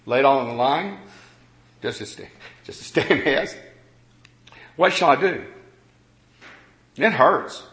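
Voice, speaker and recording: Man, preacher, conversational sermon, earnest, somewhat high voice, roomy echo. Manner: earnest, conversational, swings from quiet to emphatic.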